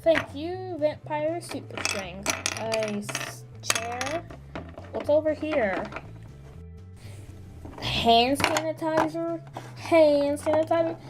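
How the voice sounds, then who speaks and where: A woman's voice: takes it slowly, pauses often, over music. A woman voicing a young female vampire princess in a toy figure drama, whiny and exclaiming. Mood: grumbling. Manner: whiny, exclaiming, high and lively.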